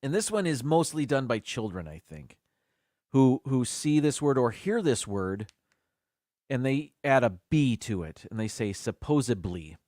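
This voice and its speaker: Male host, casual and chatty, sounds out each word slowly, dry close sound. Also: mid-range voice, sing-song, darkish tone, no room sound. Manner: chatty, repeats and sounds out words carefully. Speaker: live stream host. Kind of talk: casual chat on a live stream.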